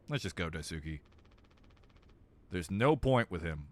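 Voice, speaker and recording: A young man giving joking, animated commentary while playing a horror game on a let's play. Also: sits low, a little slow, long pauses, no room sound. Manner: animated, joking, laughs often.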